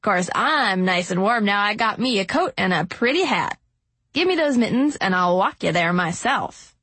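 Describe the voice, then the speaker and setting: A woman voicing a cunning older homeless woman in an audiobook, who talks in a slow, husky, chiding drawl. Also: mid-range voice, lively intonation, a bit bright, no room sound. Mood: wheedling. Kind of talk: audiobook narration.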